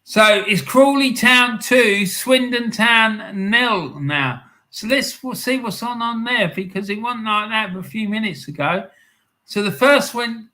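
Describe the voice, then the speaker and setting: A male stream host chats through the afternoon's football results at an unhurried pace. His voice is bright and slightly higher than most men's. He reads viewer comments aloud with excitable asides. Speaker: live stream host reading football scores and chat. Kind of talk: casual live-stream chat.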